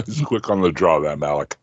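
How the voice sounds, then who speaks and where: A man with a very low voice makes joking asides as a podcast guest and laughs often. His voice sounds close and dry, with a dull, lo-fi quality. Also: expressive, normal speed, dry recording. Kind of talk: casual podcast chat.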